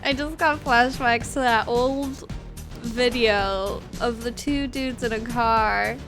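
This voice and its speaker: A woman streaming a story game, reading it aloud with soft, giggly, rambling asides. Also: a little high, fairly even intonation, slow, over music. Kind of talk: let's play commentary.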